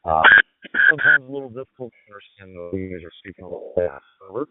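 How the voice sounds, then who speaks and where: A man's voice: sits low, animated, fast, very noisy. A man, an amateur radio operator calling from his car, talking hesitantly with many fillers during a ham radio contact. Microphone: mobile radio handset. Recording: lo-fi digital radio link.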